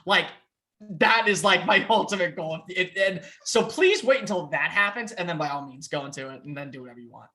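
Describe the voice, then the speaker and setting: A young man chatting as a podcast guest over a video call, excitable and quick, with playful impressions and swearing. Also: high-pitched. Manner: excitable, fast, with playful put-on voices and profanity. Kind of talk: casual chat.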